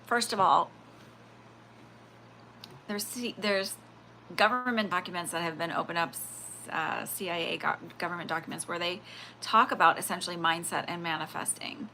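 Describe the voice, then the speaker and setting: Bright-voiced woman chatting on a livestream. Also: lowish voice, normal speed, slight background noise. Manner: rambling, animated, full of fillers and acted-out quotes. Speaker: livestream spiritual reader. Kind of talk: casual livestream chat.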